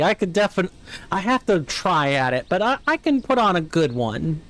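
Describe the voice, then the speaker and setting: A man's voice: high-pitched, sing-song, moderate pace, fairly bright tone. A man with a General American accent, chatting casually with viewers while streaming a game, musing and answering chat aloud. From United States. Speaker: let's play streamer. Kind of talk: casual live gameplay chat.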